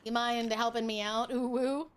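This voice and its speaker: A woman's voice: on the high side, fairly even intonation, moderate pace, noisy background. A young woman from Hawaii streaming a game and reading chat aloud. She talks in a brash, profane, teasing way and laughs often. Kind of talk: casual gaming livestream, reading chat.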